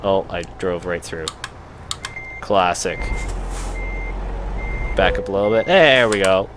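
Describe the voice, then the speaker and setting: A man's voice: sits low, slow pace. A Canadian man with a Canadian accent giving rambling, chatty commentary while playing a truck driving game, with lots of fillers and restarts. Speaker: gaming channel host. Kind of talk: casual gameplay commentary. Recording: game engine noise behind voice. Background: truck engine and traffic sounds from the game.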